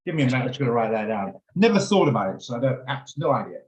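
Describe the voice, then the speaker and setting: A man's voice: medium pitch, big pitch swings, rapid-fire, darkish tone. A man hosting an online trading session, chatty and blunt, often rambling off topic, heard over a video call. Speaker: trading room host. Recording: roomy echo on a video call.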